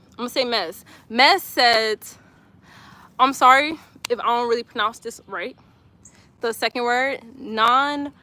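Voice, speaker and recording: A young woman on a live stream reads her chat's comments aloud in a relaxed way between workout exercises. Bright and high-pitched, her voice is full of giggles and repeated phrases, all picked up by a phone camera.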